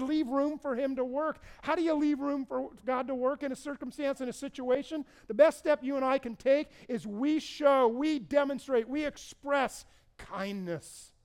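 A man's voice: very high-pitched, steady tone, normal speed. A middle-aged male pastor preaching a sermon in a conversational, storytelling way, repeating words for stress.

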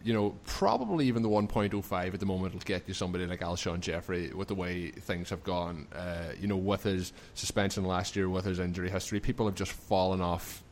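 A man hosting a podcast, talking in a measured, analytical way. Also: low-pitched, slight background noise. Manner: measured, analytical, explains at length. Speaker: podcast host. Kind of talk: casual podcast chat.

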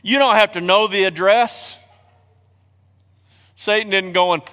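A male pastor preaching a sermon in a church, swinging from hushed, quiet lines to loud, shouted exhortations. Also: sits high, steady tone, measured pace, long pauses. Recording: long reverb of a large hall.

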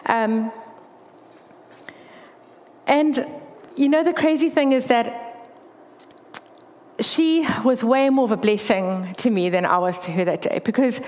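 A woman's voice: fairly high pitch, slow pace, pauses often, darkish tone. A woman giving a candid faith testimony, telling her story earnestly. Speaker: speaker sharing a faith testimony. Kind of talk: personal testimony talk. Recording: long hall reverb.

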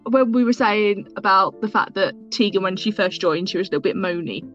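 A woman hosting a podcast, chatting casually in a giggly, excitable fan way. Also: medium pitch, fairly quick, highs cut off, faint music behind. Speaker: podcast host. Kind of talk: casual chat.

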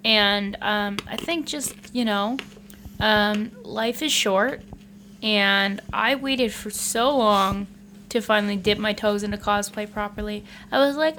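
Bright-voiced young woman, earnest and reflective. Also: medium pitch, measured pace, a little hiss or hum. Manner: earnest, reflective, hesitant with ums. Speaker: podcast co-host. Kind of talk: casual podcast chat.

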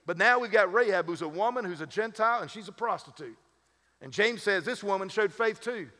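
A male pastor with a slightly higher voice preaches in a loose, conversational way, mixing humorous asides into his teaching. His voice carries a long reverb from a church sanctuary. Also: expressive, fairly quick, pushed and bright. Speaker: lead pastor. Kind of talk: sermon.

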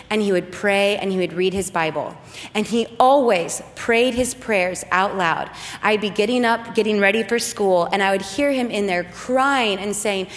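A woman's voice: on the high side, big-room sound. A woman in her thirties, a worship leader, telling a personal faith story in an earnest, emotional sermon style.

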